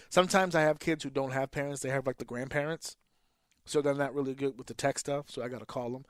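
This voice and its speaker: A man who is a teacher and a podcast co-host, talking in a blunt, profane, animated way. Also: medium pitch, quick pace, no echo. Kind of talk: casual profane podcast chat.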